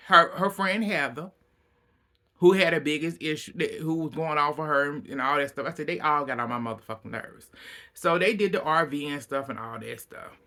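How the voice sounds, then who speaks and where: A man recaps a reality show episode in loose, casual talk. His voice sits a bit high and rings bright and sharp. He is animated and blunt, swears freely and laughs often.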